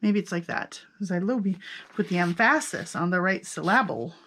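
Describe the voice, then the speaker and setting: A woman's voice: lowish voice, expressive, normal speed, fairly bright tone, a little hiss or hum. A woman casually narrating a flip-through of her handmade journals, chatty and self-amused, thinking aloud as she goes.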